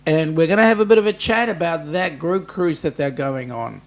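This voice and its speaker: A man's voice: a little high, normal speed. An Australian man hosting a casual live stream chat, rambling and joking as he talks to viewers.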